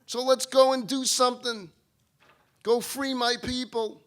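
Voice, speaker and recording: A man's voice: very high-pitched, little pitch movement, unhurried, pitched above the performer's own voice. A man doing an insistent God on the line. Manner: emphatic, insistent. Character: insistent commanding God on the phone.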